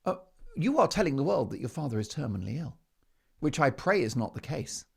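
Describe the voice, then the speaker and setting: Male talk host, lively pitch, punchy sarcastic monologue. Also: a little fast, gravelly, slightly rough. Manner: emphatic, sarcastic, with rhetorical questions. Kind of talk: opinionated monologue.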